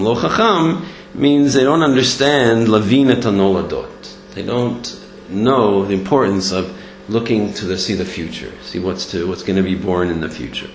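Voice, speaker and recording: A man giving a Torah lesson, telling stories and acting out the voices in them. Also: fairly low pitch. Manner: animated, acts out voices in stories. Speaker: Torah teacher. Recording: echoey room with faint hum.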